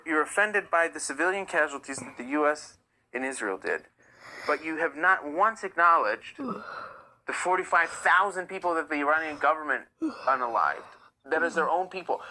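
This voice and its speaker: An American man hosts a live stream, reading chat comments aloud and answering them bluntly. His voice is fairly high, animated and sharp at a normal speed, and the recording is rough.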